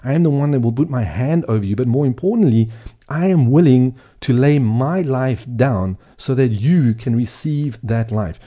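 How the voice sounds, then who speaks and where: A man's voice: medium pitch, expressive, normal speed, warm tone. A man giving earnest Bible teaching, speaking emphatically and repeating phrases for emphasis.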